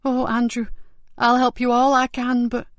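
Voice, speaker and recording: A woman's voice: on the high side, completely flat delivery, moderate pace, dry recording, pitched above the performer's own voice, lightly acted. A woman voicing a determined female detective who speaks urgently and pleads to be heard.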